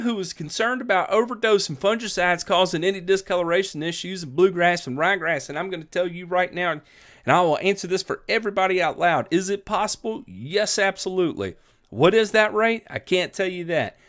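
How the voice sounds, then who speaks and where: A man with a drawl hosts a live lawn care stream, his voice sitting a bit high for a man. He talks in an upbeat, folksy way, calling out viewers by name and swinging between excited shout-outs and practical advice.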